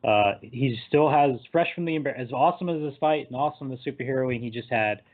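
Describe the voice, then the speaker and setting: A man recapping a film in casual chat, animated and laughing, sometimes acting out the characters. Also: mid-range voice, fast. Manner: animated, acts out characters in quotes, laughs often. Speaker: podcast co-host. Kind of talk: casual movie discussion. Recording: tinny phone-like line.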